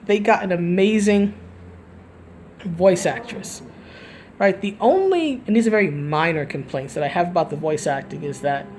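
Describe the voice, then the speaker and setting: A woman's voice: on the low side, expressive, normal speed, a little mellow, a little hiss or hum. A woman giving casual opinion commentary for a gaming video, rambling, restarting her sentences and tagging them with "right?". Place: at home, recorded live.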